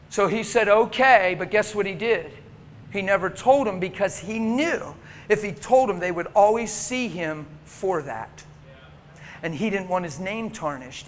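Male preacher, high-pitched, passionate storyteller, hushed to loud, echoing church hall. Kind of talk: sermon.

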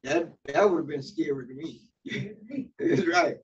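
With a slightly high voice and huge swings in pitch, a pastor preaches a little slowly in a church sanctuary. He reads scripture aloud and stops frequently to explain, using fillers and restarts. A distant mic yields dull sound with faint hiss.

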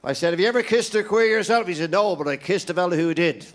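A man's voice: high-pitched, fast talker, slight background noise. Irish man telling stand-up jokes. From Ireland. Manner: rambling joke teller, playing all the characters himself. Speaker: stand-up comedian.

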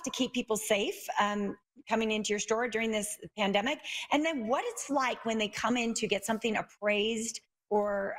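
A woman's voice: fairly high pitch, big-room sound. A woman co-hosting a morning TV talk show, asking a guest questions in a friendly, encouraging way. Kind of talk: casual on-air chat.

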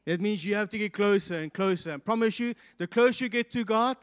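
A man preaching a sermon as pastor, swinging from loud, impassioned peaks to quiet asides. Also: sits high, a little fast, clear, resonant tone. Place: church hall. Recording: reverberant church hall.

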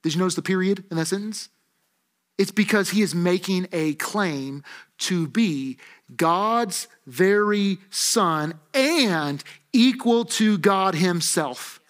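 High-voiced animated male preacher. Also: slow. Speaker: pastor. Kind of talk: sermon. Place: church auditorium.

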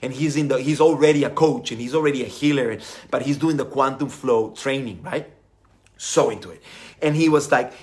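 A middle-aged man giving a motivational talk as a spiritual coach, animated and earnest, full of fillers. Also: mid-range voice, a little fast. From Costa Rica.

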